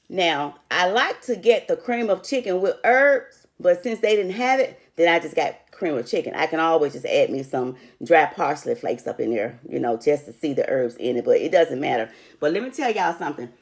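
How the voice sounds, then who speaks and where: An older woman teaching a recipe in a chatty way, often calling her viewers honey. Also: fairly low pitch. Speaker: home cook. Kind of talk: cooking tutorial.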